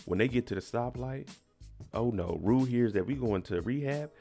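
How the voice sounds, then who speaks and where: With a warm, animated mid-range voice at a normal pace, another TV recap host casually walks through an episode. He leans on slang, stresses his points, and lets out small laughs, while faint music plays behind him.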